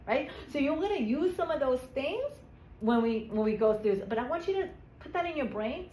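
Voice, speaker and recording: A woman coaching public speaking in a live workshop, energetic and always checking in with the room. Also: high-pitched, a little fast. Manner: energetic, keeps checking in with "right?". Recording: echoey room with faint background noise.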